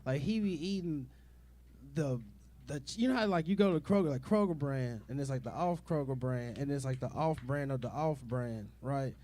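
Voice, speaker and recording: A man's voice: mid-range voice, normal speed, warm tone, a little hiss or hum. A young man doing a rambling, profane stand-up comedy set, full of fillers and asides to the crowd.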